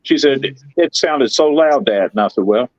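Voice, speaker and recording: A middle-aged man, telling rambling, excitable stories in casual chat. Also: mid-range voice, moderate pace, no echo, muffled recording. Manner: folksy, rambling, excitable storyteller. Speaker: guest telling paranormal stories.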